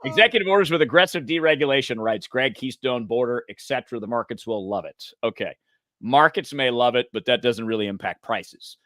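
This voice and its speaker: A chatty co-host man from the United States with a bright, forceful voice, laughing easily as he talks politics and life. The sound is close and dry, with no room around it. His pitch sits mid-range for a man. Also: fairly quick, no echo. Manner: animated and chatty, laughs often. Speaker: news talk show co-host. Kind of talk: casual political chat.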